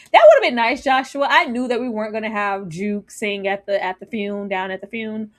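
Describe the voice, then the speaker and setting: A woman's voice: medium pitch, normal speed, few pauses. A woman on a review panel talking casually and animatedly about a TV series, laughing often and acting out scenes.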